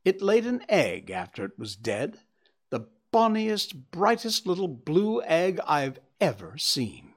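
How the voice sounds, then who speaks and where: A man voicing a confident, sharp-witted gentleman detective in a storybook reading. He speaks briskly and with authority, with a lively, rising and falling delivery and a touch of mockery. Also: fairly high pitch, pitched above the performer's own voice, exaggerated voice. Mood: commanding. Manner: brisk, cheerfully commanding, lightly mocking. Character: sharp, self-assured gentleman detective, middle-aged man. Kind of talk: audiobook character reading.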